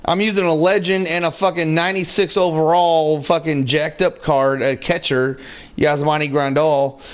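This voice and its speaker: A man talks through his game in an easy, rambling way, cursing freely as he goes. He's several beers deep, and his voice sits a little higher than most men's. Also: level tone, normal speed, clear, resonant tone. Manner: rambling, profane, laid-back. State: drinking beer, several drinks in. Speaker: gamer streaming his play. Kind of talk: casual gameplay commentary.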